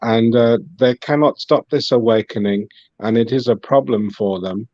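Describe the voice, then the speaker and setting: A man delivers steady, assured religious commentary as a guest on a video call. His audio is dry and muffled, with no room sound around it. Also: mid-range voice, normal speed, no room sound.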